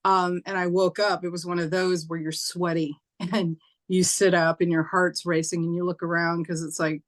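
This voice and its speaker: A woman telling a personal ghost story in casual chat, acting out what people said in a lifted voice. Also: normal speed. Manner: animated, acts out quoted voices with raised pitch; conversational, with fillers and occasional laughs. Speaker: spiritual teacher and host.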